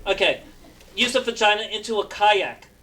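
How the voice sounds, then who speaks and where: A man's voice: sits high, lively intonation, moderate pace, sharp tone. A man doing stand-up comedy and hosting, with lots of fillers, laughing at his own jokes. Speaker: stand-up comedian and show host.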